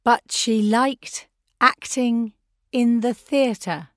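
A woman narrating a simple storybook in a careful, clearly paced way. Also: fairly high pitch, extremely slow, a bit bright, dry recording, clean studio sound. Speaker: audiobook narrator. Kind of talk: slow graded-reader narration.

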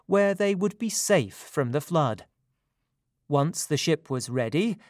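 Slow, measured male storybook narrator. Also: a little high, darkish tone, no echo, studio quality. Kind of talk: storybook reading.

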